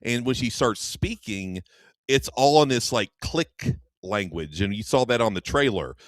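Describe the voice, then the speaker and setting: This man's medium-pitched, expressive voice moves a little slowly as he casually recounts a movie on the radio show he co-hosts. A rambling storyteller, he acts out what the characters say. The studio capture has no room sound.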